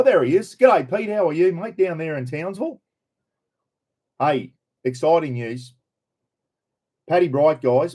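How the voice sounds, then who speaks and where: A man's voice: medium pitch, warm tone. A middle-aged Australian man hosting a casual live stream, chatting loosely, greeting viewers by name and swearing freely.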